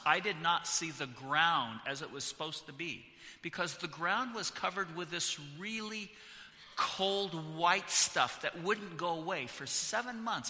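The middle-aged pastor from California speaks in a pushed, bright voice on the high side. He jokes and chats through the announcements, restarting many times, then opens his sermon, all within the echo of the church sanctuary.

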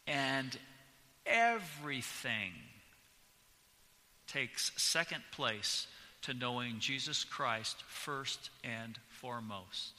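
A pastor preaching a sermon in a church, speaking slowly and with strong emphasis. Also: male voice, mid-range voice, expressive, sharp tone. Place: church sanctuary. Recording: long church reverb.

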